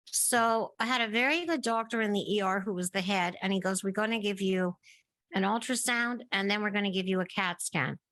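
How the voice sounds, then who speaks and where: Middle-aged woman guest, long-form storyteller, acts out remembered dialogue, medium pitch, dry close sound. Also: brisk, fairly bright tone, dry recording. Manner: narrates at length, acting out remembered dialogue. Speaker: podcast guest. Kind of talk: casual interview storytelling.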